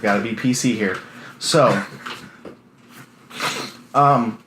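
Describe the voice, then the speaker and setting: A man in his early twenties with a deadpan, self-deprecating way of rambling through a casual comedic monologue. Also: fairly low pitch, slow pace. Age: early 20s. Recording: echoey room with faint hiss.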